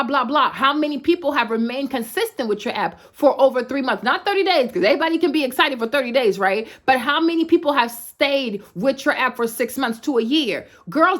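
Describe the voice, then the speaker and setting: High-voiced woman, blunt and sassy. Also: fairly bright tone. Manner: emphatic, repeats "right?" tags, slangy and sassy. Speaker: fitness influencer. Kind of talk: blunt direct-to-camera rant.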